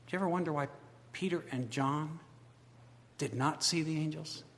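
A man's voice: a little high, normal speed, slight background noise. Impassioned male preacher in a reverberant hall. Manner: swings from quiet, hushed storytelling to loud impassioned crescendos. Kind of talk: sermon.

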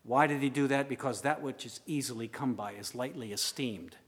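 A man's voice: mid-range voice, fairly quick, slightly rough. Man preaching with big swings, reverberant hall. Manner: animated, swings from loud urging to hushed asides. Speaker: pastor. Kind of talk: sermon.

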